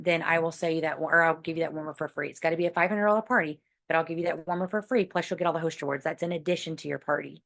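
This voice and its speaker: A woman leading a team meeting on a video call, chatty, with many fillers and retold chats. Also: lowish voice. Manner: chatty, full of fillers and retellings. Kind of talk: casual meeting talk.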